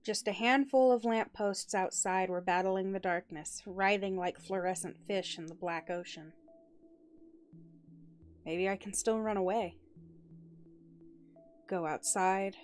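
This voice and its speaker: A woman narrates a first-person story aloud in an expressive, dramatic way. Her voice sits at a middling pitch, and she breaks into quick laughing asides. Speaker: streamer reading a story aloud.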